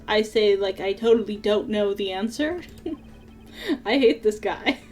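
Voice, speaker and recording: A woman's voice: mid-range voice, a little slow, darkish tone, faint music behind. A woman streaming a video game playthrough, cracking sarcastic jokes about the story. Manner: joking, sarcastic, laughs often. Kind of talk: let's-play commentary.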